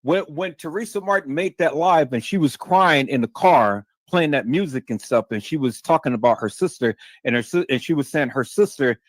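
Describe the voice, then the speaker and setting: A man's voice: on the high side, lively intonation, normal speed, few pauses, no room sound. A man hosting a livestream, talking heatedly with lots of stammered restarts and cursing. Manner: repetitive, stammering restarts, emphatic and profane. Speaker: livestream host.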